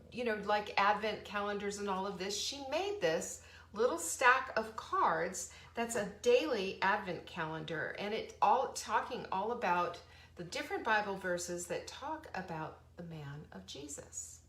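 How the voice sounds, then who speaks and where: Host, middle-aged woman, casual live-stream chat from home; upbeat and rambling, middle pitch, echoey room. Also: fairly bright tone. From Southern California. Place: home office. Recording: roomy echo.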